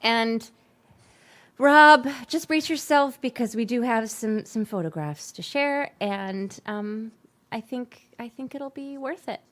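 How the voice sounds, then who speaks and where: A woman's voice: fairly high pitch, slow pace, a bit bright. A woman hosting a casual livestream, upbeat and enthusiastic. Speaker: host.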